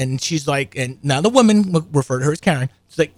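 A man's voice: on the high side, a little fast, no room sound. An older man telling a rambling, profane story in casual monologue, full of asides and restarts. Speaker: show regular.

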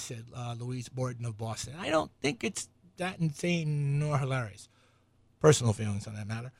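A man's voice: mid-range voice, big pitch swings, normal speed, vocal fry, darkish tone, no echo. A man with a slight New England accent hosting a casual talk show, reading news aloud and riffing sarcastically with lots of fillers. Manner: rambling, sarcastic, many fillers, laughs at own jokes. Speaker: show host.

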